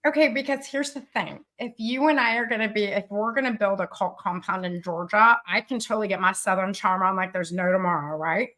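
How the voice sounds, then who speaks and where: A woman born in the American South hosts a casual live-stream chat as a business coach. She talks quickly and animatedly, full of fillers and laughter, with a bright, forceful tone at middling pitch. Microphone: studio live-stream mic.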